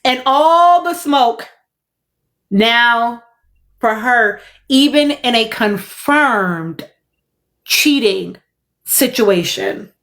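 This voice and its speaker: A woman's voice: fairly high pitch, animated, very slow, long pauses, fairly bright tone. A young adult woman, hosting a casual commentary livestream, emphatic and fond of repeating her points. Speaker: livestream host.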